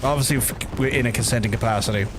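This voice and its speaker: A man's voice: mid-range voice, quick pace, noisy background. A man with a Belfast accent streaming a game, chatting to his viewers in a joking, rambling, foul-mouthed way. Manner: joking, profane, rambling asides to chat. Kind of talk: casual gameplay commentary. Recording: game sounds under the voice.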